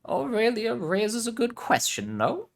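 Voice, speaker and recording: Guy putting on a high, slow, teasing scheming mom, voice swoops all over. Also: huge pitch swings, creaky, heavily acted. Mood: playful scheming. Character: scheming middle-aged Hispanic mother, playful dealmaker.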